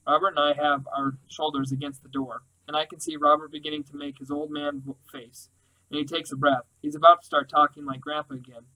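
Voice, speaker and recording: A man's voice: fairly high pitch, flat delivery, brisk, sharp tone, poor audio. Man narrating an emotional audiobook. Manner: emotional, intimate storytelling. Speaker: audiobook reader. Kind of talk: first-person audiobook narration.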